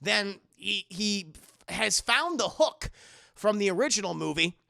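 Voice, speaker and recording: Gravelly, bright-voiced profane streamer. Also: male voice, high voice, measured pace. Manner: profane, animated, joking. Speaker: streamer, film reviewer. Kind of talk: live-stream film recap to chat.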